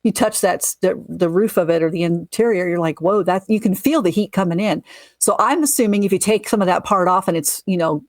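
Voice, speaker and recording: A woman's voice: fairly low pitch, no room sound. Chatty upbeat woman co-host. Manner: upbeat and chatty, quick to agree. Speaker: podcast co-host. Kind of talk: casual chat.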